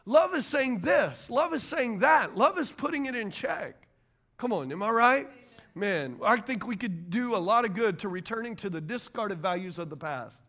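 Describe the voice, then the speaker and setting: A man's voice: high voice, animated, moderate pace, a bit bright. A man, preaching a sermon as pastor and calling to the congregation for amens and agreement. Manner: call-and-response preaching, asks the crowd for amens.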